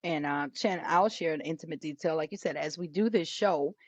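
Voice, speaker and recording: A woman's voice: low voice, brisk, no echo. Boisterous woman podcast co-host. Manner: boisterous, emphatic storyteller. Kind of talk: casual podcast chat. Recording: dull, lo-fi, dry sound.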